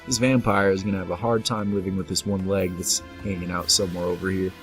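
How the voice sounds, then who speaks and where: A gameplay commentator with a low-pitched, steady voice talks fast through a casual let's-play. He playfully jokes with the enemies on screen and reads the game's messages aloud while faint game music plays behind him.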